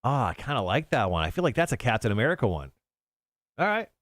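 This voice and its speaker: Animated male radio host. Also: fast talker, dry recording. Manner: playful, animated, jumps up in pitch in surprise. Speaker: radio host taking a quiz. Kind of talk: morning radio show banter. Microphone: studio microphone.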